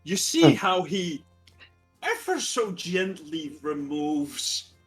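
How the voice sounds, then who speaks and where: A man's voice: on the high side, sing-song, takes it slowly, fairly bright tone, soft background music. A man acting as game master, narrating a tabletop game in a wry, crude way with laughing asides.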